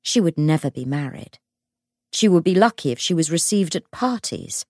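A woman reading an audiobook in measured, dramatic scripted narration. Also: low-pitched, expressive, a little mellow, no room sound, clean studio sound.

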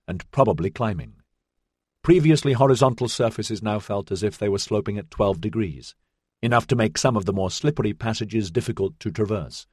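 Low husky guy reading an audiobook, dry close sound. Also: dry recording. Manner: steady, even storytelling. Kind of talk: audiobook narration.

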